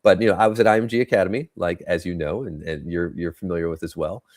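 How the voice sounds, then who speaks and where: A man's voice: sits low, steady tone, quick pace, darkish tone. A middle-aged man telling a story in a podcast conversation, acting out the dialogue he quotes. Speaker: guest.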